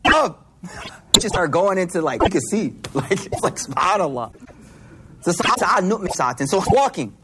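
A man giving an informal religious talk, slangy and animated, swinging between hushed and loud. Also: high-pitched, normal speed. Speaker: religious speaker. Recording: noisy recording with clicks.

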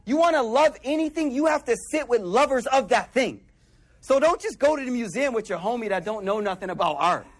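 A man giving a casual, slangy sermon and acting out quick asides in a lower voice. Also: animated. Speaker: preacher.

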